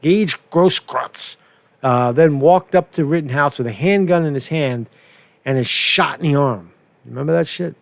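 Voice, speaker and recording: A man's voice: fairly high pitch, moderate pace, creaky, no room sound. A man hosting a casual political commentary show, rambling and profane with many restarts.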